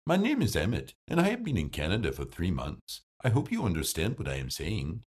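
A man doing a soft-spoken Indian immigrant. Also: sits low, huge pitch swings, brisk, slightly rough, full character voice. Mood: friendly. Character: friendly young Indian man newly in Canada.

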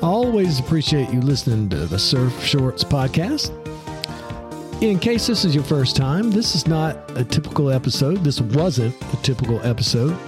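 Male podcast host, upbeat, lively pitch, music playing underneath. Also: normal speed. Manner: upbeat, thankful. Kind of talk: podcast outro.

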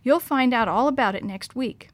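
A woman's voice: a little high, normal speed, dry recording, close to an everyday voice. A woman voicing a defensive big brother. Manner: defensive, casual. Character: defensive older brother, a boy.

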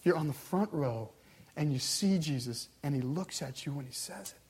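A male pastor delivering a sermon, swinging between loud, urgent passages and hushed, intense ones. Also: on the high side, lively intonation, normal speed, husky.

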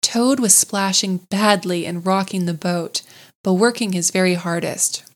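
Reading a classic storybook aloud, a woman speaks in a gentle, measured way. Her pitch sits in an ordinary middle range, and she stays calm and unhurried.

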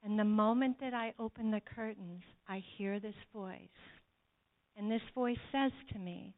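A woman's voice: medium pitch, fairly even intonation, a little slow. A woman giving an earnest sermon testimony to a church congregation, speaking to them directly. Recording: tinny phone-like sound.

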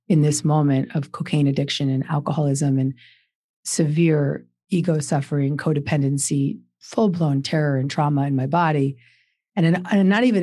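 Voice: medium pitch, mellow, dry recording. Earnest guest author, 40s, telling a personal story, keeps repeating words for emphasis, dry close sound. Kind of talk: personal storytelling in a podcast interview.

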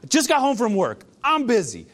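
A male pastor delivers a sermon with a high-pitched voice. His speech is very animated, swinging widely up and down. He falls quiet to land the important points. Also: fairly quick. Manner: animated preaching, dropping to quiet emphasis.

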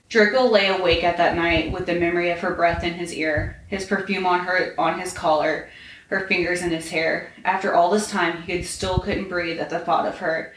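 A woman's voice: fairly low pitch, moderate pace, slight background noise. Woman reading a story aloud, echoey. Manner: steady storytelling with slips and restarts. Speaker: podcast reader. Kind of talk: reading fan fiction aloud. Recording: roomy room echo.

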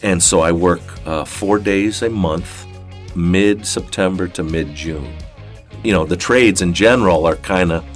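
A man's voice: low-pitched, measured pace, soft background music. An older man from southern Ohio, an interview guest telling a long personal story in a rambling, folksy way full of fillers and restarts. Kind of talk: casual storytelling.

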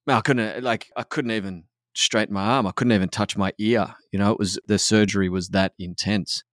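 A man's voice: fairly low pitch, fairly even intonation, a little fast, hardly any pauses, fairly bright tone, dry recording, studio quality. An Australian man talking candidly and casually on a podcast, swearing freely and calling his co-host "man" and "mate".

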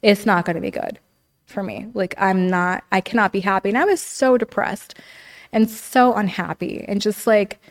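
A woman's voice: mid-range voice, normal speed. A young adult woman, a podcast guest, candidly telling her story in casual talk, often saying "like" and "you know". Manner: frequent "like" and "you know", reenacts quotes.

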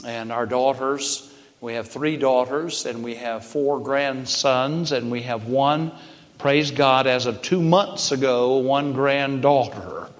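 A man's voice: medium pitch, slow pace. An older man with a Southern American accent, preaching as a visiting Baptist minister, folksy and joking with emphatic bursts. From Southern United States. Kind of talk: sermon with humorous asides. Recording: echoey church hall.

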